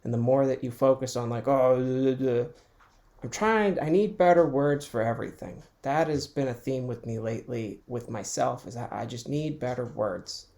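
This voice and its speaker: A man records a solo podcast at home, thinking out loud in a relaxed, meandering way. His voice carries a gravelly fry at a mid pitch. He often breaks into small chuckles and restarts his sentences. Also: moderate pace, hardly any pauses. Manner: rambling and reflective, restarts thoughts, chuckles often. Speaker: podcast host. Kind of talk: casual solo monologue.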